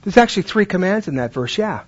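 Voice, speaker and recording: Husky high-voiced man teaching. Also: expressive, fast, highs cut off. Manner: acts out classroom exchanges, asks questions. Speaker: Bible teacher training teachers. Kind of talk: conversational teaching talk.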